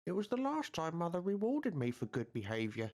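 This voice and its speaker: A man's voice: on the high side, huge pitch swings, a little fast, a little mellow. An actor playing a prim, lonely adult man still ruled by his mother, speaking in a formal, mild and wistful way.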